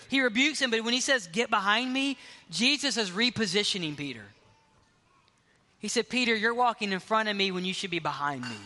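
A pastor delivers an emphatic sermon in a high, bright voice. His speech carries a long reverberant tail from the large sanctuary around him. He leans into key phrases and slows down for weight.

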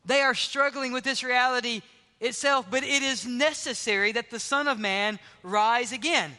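A male pastor delivers a sermon in a high, bright voice. He preaches emphatically and often drops to a hush for stress. His words ring out in a large hall with a long reverb. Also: moderate pace. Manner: emphatic preaching, dropping to hushed tones for stress.

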